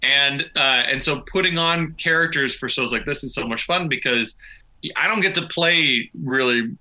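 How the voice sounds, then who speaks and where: A man voice actor, a guest in an interview, telling stories in an animated, self-deprecating way. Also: mid-range voice, normal speed, low-quality recording.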